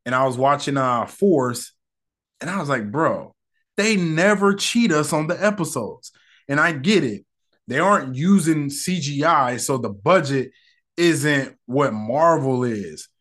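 A man's voice: medium pitch, animated, measured pace, a bit bright. A young man hosting a casual solo podcast, talking in a loose, slangy, rambling and candid way. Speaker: podcast host.

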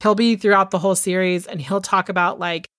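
Dry, animated woman recapping casually. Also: mid-range voice, brisk, no room sound. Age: 30s. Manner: swears freely, animated recapping. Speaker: podcast co-host. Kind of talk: casual chat.

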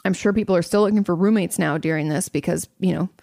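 A woman's voice: fairly low pitch, fast talker, vocal fry, a little mellow, dry recording, studio quality. A woman hosting an advice show as a therapist, answering audience questions in a casual, blunt and candid way, swearing freely.

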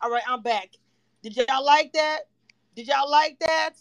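A woman hosting a livestream, chatting animatedly and excitably about a reality show, sometimes breaking into shouts and laughter. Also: high-pitched, a little slow, no room sound, clean studio sound. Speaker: livestream host. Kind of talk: casual reality-TV recap chat.

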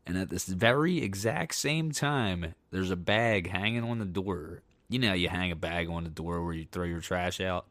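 A young man hosting a podcast, telling candid, profane stories about relationships in a casual monologue that gets animated when he relives a scare. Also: deep voice, moderate pace, few pauses, dry recording. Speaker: podcast host.

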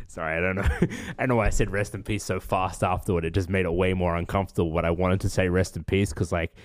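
A young man co-hosting a casual podcast, talking haltingly with lots of restarts and dry sarcasm. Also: low-pitched, steady tone, no room sound. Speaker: podcast co-host. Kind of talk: casual chat.

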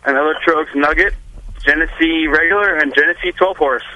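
Drunk young caller, bright piercing tone, swears and giggles, rambling. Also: male voice, fairly high pitch, brisk, no room sound, dull audio. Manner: swears constantly, laughs a lot, slurred rambling. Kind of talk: call-in chat.

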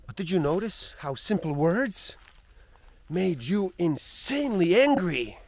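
A man's voice: high-pitched, very animated, measured pace, a little mellow, a little hiss or hum, pitched above the performer's own voice, full character voice. A man playing a clever old sheikh. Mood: calm reasoning. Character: clever calm male religious scholar.

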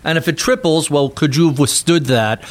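A man's voice: on the high side, brisk. A man speaking as a guest on a podcast, blunt and emphatic. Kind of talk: casual podcast conversation.

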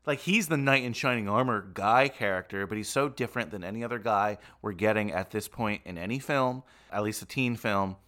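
A man's voice: fairly low pitch, brisk, few pauses. A man co-hosting a casual film podcast, laughing often and acting out scenes as he talks. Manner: laughs often, animated retellings. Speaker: podcast co-host. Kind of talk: casual movie discussion.

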